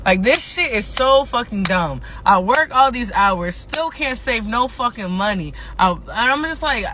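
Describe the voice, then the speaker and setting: An exhausted woman rants in a casual monologue. Her voice is bright and forward, and she circles back over the same frustrations with frequent swearing. Faint noise sits behind her. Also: on the high side, lively intonation, a little slow. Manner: frustrated, swears a lot, repeats herself. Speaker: TikTok ranter.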